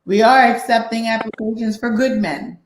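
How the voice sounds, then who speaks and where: A woman's voice: fairly high pitch, fairly even intonation, moderate pace, echoey room, poor audio. A woman hosting a casual podcast panel chat, talking in a blunt, emphatic, defensive way. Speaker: podcast host.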